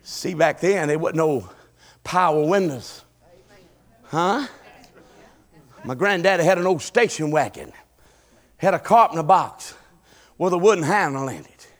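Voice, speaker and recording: A middle-aged man preaching a sermon, swinging between shouted peaks and low, quiet passages. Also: lively intonation, unhurried, pauses often. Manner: shouting, rising and falling Southern preaching cadence.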